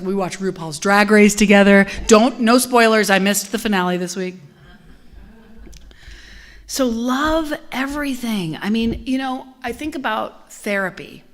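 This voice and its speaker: A middle-aged woman preaching in a relaxed, conversational way. She tells stories with lively acted-out voices and now and then sinks to a soft whisper to land a point. Her pitch sits at an ordinary middle level for a woman. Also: unhurried. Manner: animated storytelling, acts out quoted voices. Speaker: guest minister. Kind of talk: conversational sermon.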